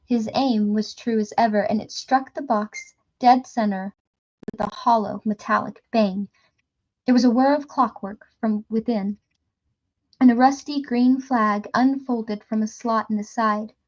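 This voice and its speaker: A woman reading a novel aloud in a steady storytelling manner, with small slips and restarts. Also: on the high side, measured pace, highs cut off. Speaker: audiobook reader. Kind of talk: reading a novel aloud, voicing characters lightly.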